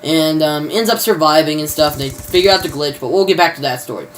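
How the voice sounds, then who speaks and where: A man's voice: a little high, fast, a bit bright, slight background noise. A man giving a casual, rambling plot recap, full of fillers and mild cursing. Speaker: video reviewer.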